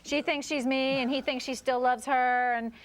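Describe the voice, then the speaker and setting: Quick, enthusiastic woman film critic. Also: high voice, fairly even intonation. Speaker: film reviewer, co-host. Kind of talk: casual review chat. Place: TV studio.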